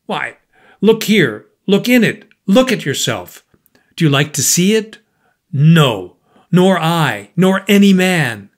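A man's voice: fairly high pitch, lively intonation, a little slow, slightly rough, voice pushed up. A man reading a storybook voices a troubled, brooding man who talks in a gloomy, pressing way. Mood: urgent. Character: tense, brooding man, restless and intense.

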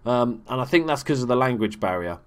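A young man giving casual, self-mocking let's play commentary on a football game, chatty and prone to swearing when excited. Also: medium pitch, a little fast, clean tone. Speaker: gaming YouTuber.

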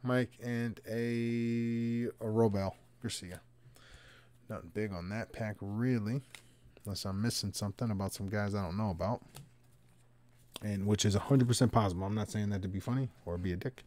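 A man hosting a live trading card box break, bantering loudly with viewers and teasing them in coarse language. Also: fairly low pitch, fairly even intonation, normal speed, a little hiss or hum.

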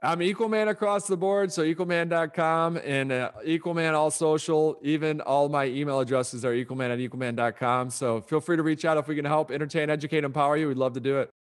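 A man's voice: a little high, fairly even intonation. A middle-aged man who talks in an upbeat, motivational way as an author guest on a podcast interview. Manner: upbeat, motivational, brisk delivery.

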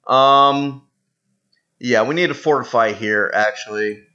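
A man's voice: mid-range voice, slow pace, sharp tone, muffled recording. Rambling man commenting on a strategy game. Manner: rambling, many fillers and restarts, self-mocking. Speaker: gaming video host.

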